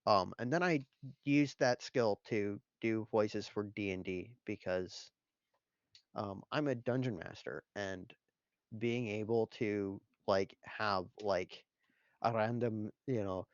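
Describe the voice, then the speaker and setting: A man's voice: on the low side, takes it slowly, smooth, dry recording, dull audio. A man co-hosting a whiskey show, telling stories in casual, easygoing chat. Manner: storytelling, easygoing. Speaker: whiskey show co-host and dungeon master.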